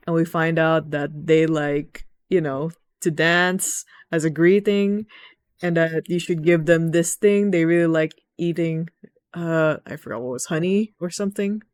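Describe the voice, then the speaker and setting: A woman's voice: deep voice, unhurried, darkish tone, clear, resonant tone, no echo, studio quality. A young woman casually recapping a video game story, rambling and playful, often correcting herself.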